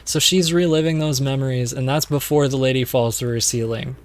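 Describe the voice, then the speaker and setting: A man's voice: mid-range voice, fairly even intonation, fairly quick. Rambling young male streamer swearing casually. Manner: rambling, swearing, distracted by game. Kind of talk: casual movie recap while gaming.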